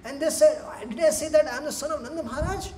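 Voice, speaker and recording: A man voicing a boastful young cowherd boy who brags in a high, excited voice. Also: fairly quick. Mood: tearful. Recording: echoey hall, faint noise.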